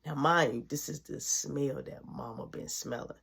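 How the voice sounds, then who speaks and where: Husky-voiced woman telling a story. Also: very deep voice, normal speed. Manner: animated, swings between loud and hushed. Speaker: storytime vlogger. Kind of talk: storytime narration.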